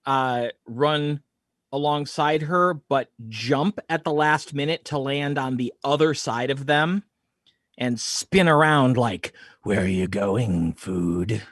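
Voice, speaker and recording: A man's voice: a little high, takes it slowly, a bit bright, no room sound, studio quality. A man playing a tabletop game, describing his moves with gleeful, gory relish. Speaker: player. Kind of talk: tabletop role-play chat.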